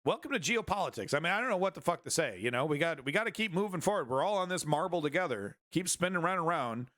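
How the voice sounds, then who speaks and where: A man's voice: a little high, lively intonation, fast talker, a bit bright, dry recording, studio quality. Rambling, crude-joking male stream host. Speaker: streaming news show host. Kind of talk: casual live-stream commentary.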